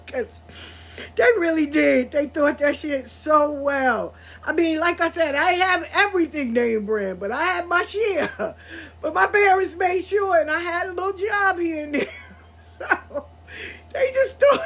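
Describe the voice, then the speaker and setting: A woman hosting her own show, telling a personal story in a candid, profane way. She laughs often mid-sentence and turns quiet and reflective when she talks about healing. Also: sits high.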